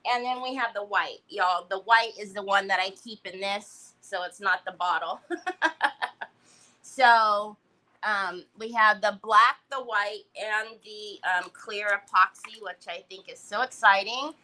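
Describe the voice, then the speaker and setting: A woman's voice: medium pitch, measured pace, pushed and bright, low-quality recording. A woman hosting a casual craft livestream, greeting viewers by name and laughing often. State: recovering from a headache.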